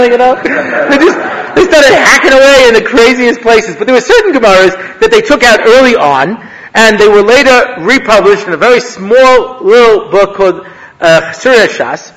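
A male rabbi giving a humorous Torah lecture, an animated storyteller who laughs at his own jokes. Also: very high-pitched, a little fast. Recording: long reverb of a hall.

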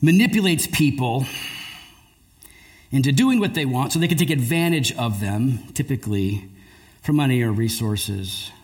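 A man preaching a sermon, telling a story with lively delivery and acting out the people in it. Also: mid-range voice, moderate pace. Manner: animated storyteller, acts out voices. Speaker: pastor.

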